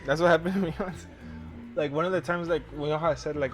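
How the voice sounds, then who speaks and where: A man's voice: on the high side, fast, music in the background. A young man hosting a podcast, telling a rambling, profanity-laced story in casual chat and laughing as he goes. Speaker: podcast host.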